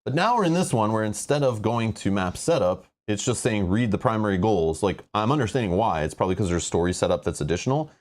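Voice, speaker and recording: Exasperated low-voiced man reading game rules. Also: expressive, fast talker, few pauses, darkish tone. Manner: rambling, exasperated about the rules. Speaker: host playing a board game. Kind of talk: casual board game playthrough, reading rules aloud.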